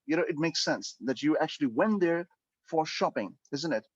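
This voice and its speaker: A man with a slightly higher voice lectures an online English speaking class. He explains at length, often restarting sentences and filling pauses. The computer-mic sound is dull and dry, with no room around it. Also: lively intonation, no echo. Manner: explanatory, with frequent fillers and restarts. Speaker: English speaking-test teacher.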